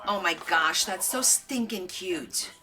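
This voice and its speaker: A woman's voice: fairly low pitch, big pitch swings, takes it slowly, bright, forceful tone, soft background music. Woman craft host, casual live show-and-tell, gushing and chatty; voice swoops up and down a lot. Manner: chatty, gushing over thrift finds.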